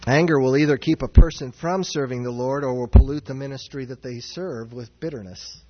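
A man preaching a sermon as pastor, earnest and searching, swinging from raised, near-shouted passages down to low, quiet ones. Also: a little fast. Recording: dull sound with long hall reverb.

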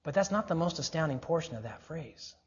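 A man delivering a sermon in an emphatic voice. He leans on rhetorical questions and slows right down to stress the key phrases. The recording sounds dull and lo-fi, with the top end missing. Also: a little high, lively intonation. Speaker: preacher.

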